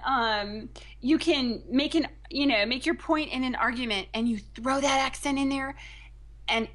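Gushing American woman, high voice. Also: fairly bright tone. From United States. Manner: playful, gushing, flirty teasing. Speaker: radio co-host. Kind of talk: casual on-air banter.

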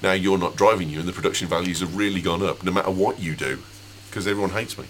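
Man, podcast host, low voice, joking, lots of ums, faint hum. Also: fast. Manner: joking, hesitant with many fillers. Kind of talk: casual tech chat.

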